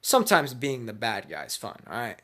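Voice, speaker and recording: A man's voice: mid-range voice, wildly swooping pitch, a little fast, bright, forceful tone. A man casually telling a made-up fan story, crude, slangy and rambling.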